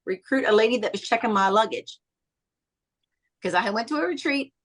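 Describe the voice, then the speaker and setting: A woman's voice: fairly high pitch, lively intonation, brisk. A woman in casual chat, telling stories animatedly and acting out the voices of the people she quotes. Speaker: direct sales consultant.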